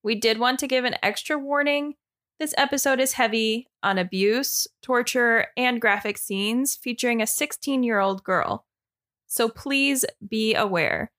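A woman from Indiana co-hosting a true crime podcast, bantering and reacting with quick giggly comments. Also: on the high side, a bit bright. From Indiana, USA. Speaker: podcast co-host.

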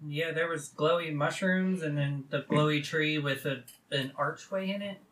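A woman's voice: deep voice, moderate pace. A woman playing a tabletop game, speaking firmly and assertively in character. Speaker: player. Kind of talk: casual tabletop play. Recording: distant mic.

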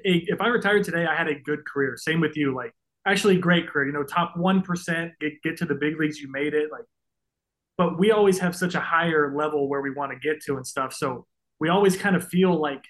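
A man's voice: on the high side, a bit bright, low-quality recording. A man in his thirties speaks in a slightly raised voice as a podcast guest. He sounds earnest and openly moved, with plenty of "like" and restarts. The tone is loose and conversational. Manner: earnest, openly emotional, many fillers. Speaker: guest, pro baseball pitcher. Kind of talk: casual podcast interview.

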